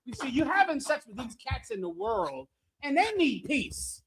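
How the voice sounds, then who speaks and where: A man's voice: very high voice, very animated, moderate pace, creaky, a bit bright, a little hiss or hum. A man leading a scripture class, preaching in a brash, joking way with lots of rhetorical questions, often laughing at his own jokes. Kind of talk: provocative preaching to a live chat.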